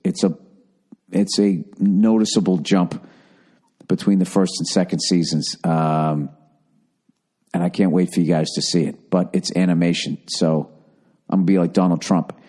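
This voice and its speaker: A man's voice: sits low, steady tone, moderate pace, pauses often, mellow, slightly rough. A man in his forties, hosting his own podcast and ranting with heavy profanity and sarcasm in a casual solo monologue. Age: 40s. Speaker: podcast host.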